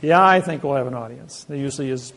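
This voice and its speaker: Gravelly, boastful man telling stories. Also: medium pitch, quick pace, fairly bright tone. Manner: boastful, rambling with frequent restarts. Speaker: self-described sovereign legal advocate. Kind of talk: casual anecdotal storytelling.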